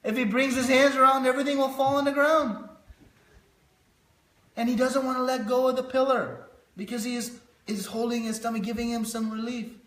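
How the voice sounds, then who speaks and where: A man's voice: extremely high pitch, level tone, brisk, fairly bright tone. A man teaching a devotional scripture class, telling stories to illustrate his points. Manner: storytelling, illustrative. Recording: roomy echo.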